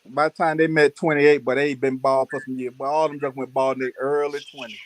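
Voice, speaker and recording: A man casually telling childhood stories on a livestream, animated and laughing, full of slang. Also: medium pitch, fast talker, slight background noise. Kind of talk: casual storytelling chat.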